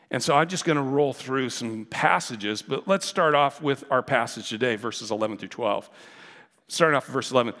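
A man's voice: medium pitch, pushed and bright. Guy pastor preaching casual and earnest, lots of ums and asides, voice echoing long in a big sanctuary. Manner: conversational and earnest, many fillers and asides. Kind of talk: verse-by-verse sermon. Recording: long reverb of a large hall.

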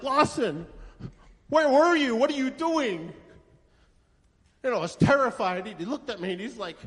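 A man's voice: high-pitched, fairly bright tone. A male pastor preaching a sermon to a congregation, telling a story and asking rhetorical questions with emphasis. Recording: echoey hall reverb.

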